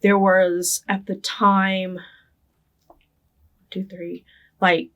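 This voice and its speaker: A young adult woman from Northern California, recalling her childhood in a relaxed, conversational oral history interview, often checking in with "right?". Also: mid-range voice, drawn-out words. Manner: conversational, often tags with "right?", laughs lightly. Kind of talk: reflective personal storytelling.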